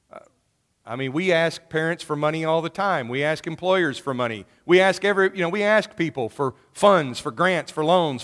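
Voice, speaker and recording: Man preaching, animated, acts out quoted voices, fairly high voice, long hall reverb. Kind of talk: sermon.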